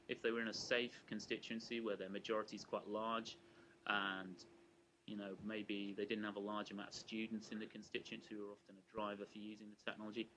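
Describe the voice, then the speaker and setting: A man giving an academic lecture to a live audience in a measured, explanatory way, often restarting his phrases. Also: lowish voice, a bit bright, slight background noise, poor audio. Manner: measured and explanatory, with frequent restarts and hedging asides.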